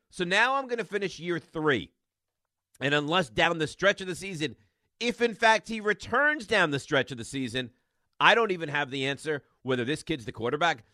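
A man's voice: a little high, pushed and bright, no room sound, studio quality. A man hosting a sports radio show, ranting in a rambling, exasperated monologue full of restarts.

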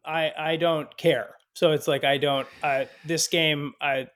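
A man who is a guest on a podcast, playing a quiz game and thinking out loud in an easygoing, self-correcting way. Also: on the high side, steady tone, unhurried. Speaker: guest, stage actor. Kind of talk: casual conversation as a quiz contestant.

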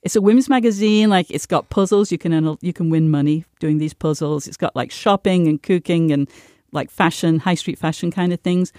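A woman on a podcast panel, chatting casually with frequent halting restarts. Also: fairly low pitch, dark tone, dry recording, studio quality. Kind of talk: casual chat.

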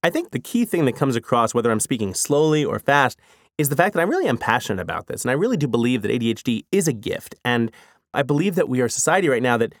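A man in his forties talks about his work in a quick, energetic rush, his pitch jumping all over the place. He leans on "you know" and "like" as he goes. The sound is dry and close, with no room echo. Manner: fast, energetic talker who fills speech with "you know" and "like". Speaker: author. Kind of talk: casual spoken reflection.

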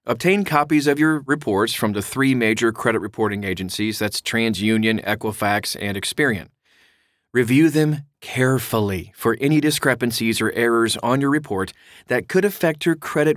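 Male explainer voice, mid pitch, clear and instructive with casual asides, close and dry sound. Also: a bit bright, no echo. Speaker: mortgage explainer. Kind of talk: reading an explainer aloud.

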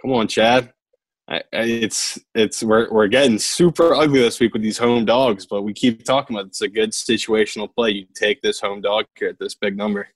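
A man's voice: fairly low pitch, steady tone, moderate pace, no room sound. A man with a Philadelphia accent co-hosting a sports betting chat, confident and teasing. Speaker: podcast co-host.

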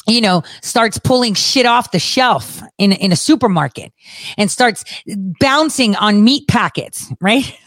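A woman talking casually about politics at a medium pitch, blunt and sarcastic, with frequent swearing and laughter. Her voice sounds close and dry, with no room echo. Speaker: political commentary host. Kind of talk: casual ranting commentary.

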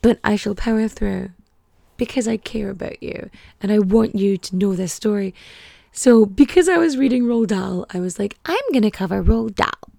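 A woman's voice: mid-range voice, moderate pace, gravelly, warm tone, dry recording. A young woman hosting a podcast, rambling and chatty, packing her talk with "like". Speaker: podcast host. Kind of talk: casual podcast chat.

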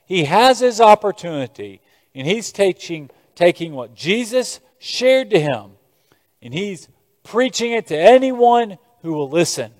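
Man, American accent, pastor, sermon, quiet reading to loud emphatic preaching, slightly high voice, long hall reverb. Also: big pitch swings, a little slow.

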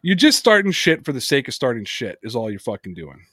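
A man hosting a sports podcast, telling stories in a casual, profane, animated way. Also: mid-range voice, a little fast, slightly rough, no room sound, clean studio sound. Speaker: podcast host.

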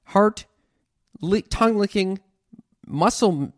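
A man's voice: high voice, lively intonation, slow pace. A man co-hosting a podcast in casual chat, swearing freely and sounding indignant as he reads messages aloud. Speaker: podcast co-host.

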